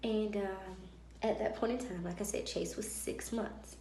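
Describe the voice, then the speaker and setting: A woman vlogger telling a personal story in a lively way and acting out the dialogue of others. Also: mid-range voice, a little slow, a little hiss or hum. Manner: animated, acts out dialogue. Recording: roomy echo.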